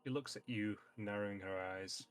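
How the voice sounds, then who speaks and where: A man narrating a tabletop game as game master in a relaxed, matter-of-fact way. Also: fairly low pitch, normal speed, faint music behind.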